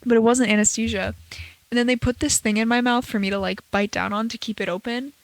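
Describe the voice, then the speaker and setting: A woman's voice: a little high, fairly even intonation, fast talker, no echo. A young American woman in her early twenties, hosting her own podcast, chatting in a rambling way with lots of fillers and playful acted-out quotes. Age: around 20. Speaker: podcast host, college student. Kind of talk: casual solo podcast chat. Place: bedroom at home.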